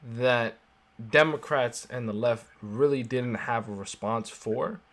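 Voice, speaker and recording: A man's voice: medium pitch, slow pace. A man co-hosting a podcast in casual chat, blunt and emphatic in his opinions. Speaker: podcast co-host.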